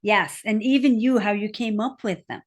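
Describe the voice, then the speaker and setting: A woman hosting a podcast with a mid-range voice. She gently prompts her guest with curious follow-up questions in a plain, conversational way. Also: medium pitch, normal speed. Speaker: podcast host. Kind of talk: interview questions.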